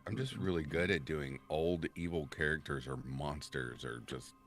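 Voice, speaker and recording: Male stream host with a very low, deep voice. Chatty storyteller, easy laugh, faint music underneath. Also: normal speed, a bit bright. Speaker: livestream host and story narrator. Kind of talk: casual livestream chat.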